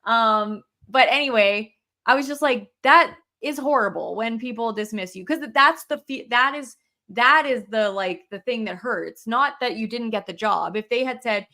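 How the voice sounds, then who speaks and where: A woman co-hosting a podcast in casual video-call chat, animated and blunt, swearing when heated. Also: a little high, normal speed. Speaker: podcast co-host.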